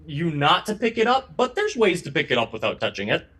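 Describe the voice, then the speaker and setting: A man's voice: on the high side, sing-song, fairly quick, fairly bright tone. A young man running a tabletop game as game master, often stumbling and repeating words as he starts his sentences.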